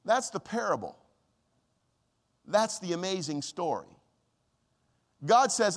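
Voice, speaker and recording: Man preaching, high animated voice, rises n drops a lot, big hall echo. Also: takes it slowly, long pauses. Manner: impassioned preaching, dramatic rises and drops when quoting God. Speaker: pastor. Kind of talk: sermon.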